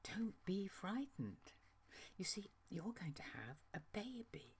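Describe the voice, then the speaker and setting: A woman's voice: low-pitched, lively intonation, measured pace, darkish tone. A woman voicing a chatty, awestruck angel messenger who recounts a visit in a rambling, conversational way, stumbling over asides and self-corrections. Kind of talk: dramatic monologue reading.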